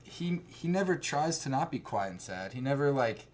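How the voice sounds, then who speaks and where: A man's voice: mid-range voice, lively intonation, normal speed, slight background noise. A young man chatting casually and jokingly about films, acting out scenes and laughing. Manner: jokey, acts out scenes in mock voices, laughs a lot. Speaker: co-host. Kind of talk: casual comedic movie chat.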